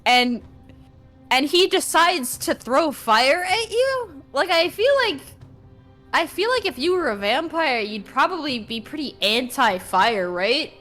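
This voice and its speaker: A woman chats casually on a live game stream, swearing freely and stringing thoughts together with fillers. Her voice sits a little high. Faint music plays behind her. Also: measured pace. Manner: profane, filler-heavy, animated.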